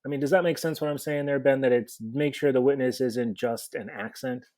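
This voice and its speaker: A male podcast co-host talks through advice for mock trial students, explaining points and checking in with rhetorical questions. He has a voice of middling pitch and keeps a relaxed, conversational coaching manner. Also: a little fast.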